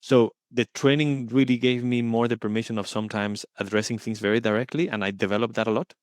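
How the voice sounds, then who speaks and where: A man speaking as the guest in an interview, earnest and thoughtful, often pausing to search for his words. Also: medium pitch, fairly even intonation, no echo, studio quality. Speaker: guest coaching supervisor. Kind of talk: reflective interview talk.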